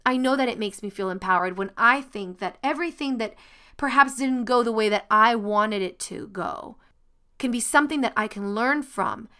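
Woman podcast host, fairly high voice, earnest and encouraging, reads with big dramatic emphasis. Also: clean tone. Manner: reads a passage with dramatic emphasis, then chats quickly and warmly to listeners. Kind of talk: motivational podcast talk.

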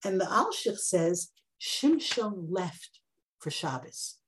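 A woman teaching a Bible class, lively and conversational, jumping up high when she acts out quotes. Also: takes it slowly. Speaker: Torah teacher.

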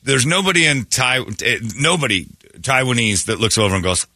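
A man hosting a morning radio show, joking loudly and irreverently with his co-hosts in casual banter. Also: mid-range voice, very animated, a little fast, no room sound. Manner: loud, jokey and irreverent, swings into put-on quote voices. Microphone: studio microphone. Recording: dry radio studio.

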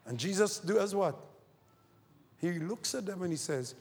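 A man delivering a sermon in a high-pitched voice, rising loud on key phrases and sinking low and slow on others. The sound carries a long reverb, as in a large hall. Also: lively intonation. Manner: preaching with sweeping rises and falls in pitch and loudness. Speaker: preacher.

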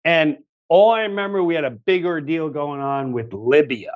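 Slightly high and at normal speed, this Long Island comedian in his fifties, appearing as a guest, recounts a story in casual conversation, animatedly imitating others, swearing, and laughing a lot. The audio has its highs cut off.

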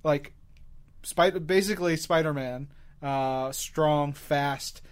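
A man from New York co-hosting a comics podcast, talking in a rambling, hesitant, excitable way. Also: on the high side, slow, clean tone. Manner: rambling, hesitant, many fillers and restarts. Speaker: podcast co-host. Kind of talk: casual chat about comics.

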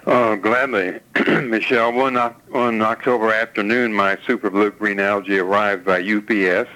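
A man in his seventies gives a personal testimonial in a measured, storytelling way. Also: on the low side, sharp tone, poor audio. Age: 70s. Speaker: caller giving a testimonial. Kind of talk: read-aloud personal testimonial.

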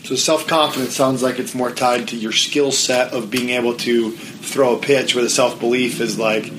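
A man hosting a podcast, talking as a mental game coach in an energetic, emphatic, plain-spoken way. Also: medium pitch, normal speed, background noise. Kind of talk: motivational coaching talk.

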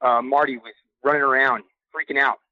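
A young man tells a story fast and eagerly, full of casual slang. He is calling in, so his voice comes through a tinny phone line. The sound is dry and close. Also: mid-range voice, dry recording. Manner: excited, quick, loose slang. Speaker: podcast caller sharing a story. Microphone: phone call.

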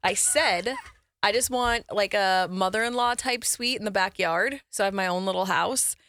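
A woman co-hosting a podcast, chatty and quick to laugh as she tells stories about her life. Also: mid-range voice, fairly bright tone, dry recording, studio quality. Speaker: podcast co-host. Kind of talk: casual chat.

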